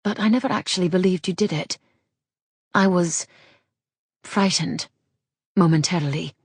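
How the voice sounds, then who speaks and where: A woman voicing a proper young lady in an audiobook, speaking crisply and in a businesslike way. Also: fairly low pitch, moderate pace, no echo, studio quality. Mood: brisk. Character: brisk, proper young lady, sharp-tongued. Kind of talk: audiobook character voice.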